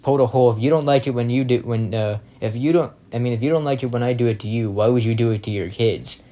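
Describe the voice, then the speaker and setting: A man's voice: medium pitch, fast talker, dark tone, lo-fi sound. Blunt, foul-mouthed young man ranting. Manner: blunt, heavy swearing, indignant rants. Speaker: reaction commentator. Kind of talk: casual reaction commentary.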